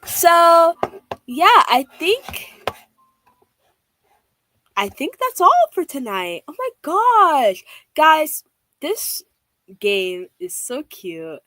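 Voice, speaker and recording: Young woman, streamer, excitable, gushing, swears casually, high lively voice, dry close sound. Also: extremely slow, long pauses, no echo. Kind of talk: casual live-stream chat while reading a game aloud.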